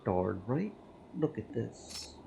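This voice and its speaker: A man reading Kevin, a gravelly flirting priest. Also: lowish voice, sing-song, takes it slowly, noisy background, full character voice. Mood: flirty. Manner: teasing, easygoing banter. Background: game music.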